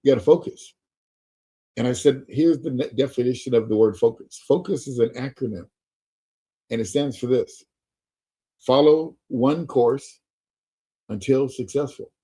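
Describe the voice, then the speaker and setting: A middle-aged man leads a webinar sales training. His voice is husky and warm, and he hammers his points home by repeating them and checking that his audience is following. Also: medium pitch, normal speed, pauses often, poor audio. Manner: emphatic, repetitive, checks in with the listener.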